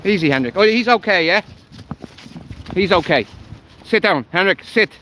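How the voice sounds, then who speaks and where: A man's voice: high voice, animated, moderate pace, pushed and bright, a little hiss or hum, poor audio. An Irish man livestreaming while walking his dog by a canal, talking bluntly and heatedly with lots of swearing. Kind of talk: live walking vlog.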